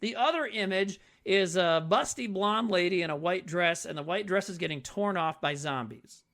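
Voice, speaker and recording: A man's voice: sits high, normal speed, a bit bright. A man co-hosting a casual movie-review podcast, swearing freely and laughing often. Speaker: podcast co-host.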